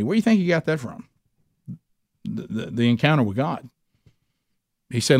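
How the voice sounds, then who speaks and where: A man's voice: mid-range voice, sing-song, normal speed, long pauses, no echo, clean studio sound. A male pastor preaching a sermon in a folksy, conversational way, often asking the listeners questions.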